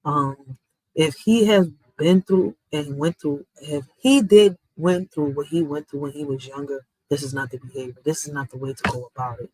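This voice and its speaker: A woman's voice: sits low, normal speed, a little mellow, slightly rough, no echo, low-quality recording. A woman giving blunt, heated commentary as a vlogger, ranting emphatically. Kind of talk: heated social media commentary.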